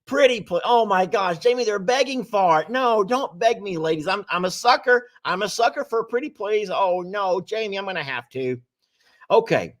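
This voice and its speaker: A man's voice: high voice, animated, moderate pace. A man hosting a casual live stream, teasing and laughing often. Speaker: livestream host.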